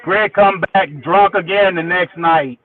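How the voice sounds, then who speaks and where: Over a tinny, phone-like radio line, a man tells a profane, animated story from his musician years, starting sentences twice before they land. His high voice comes through squeezed and slightly slow.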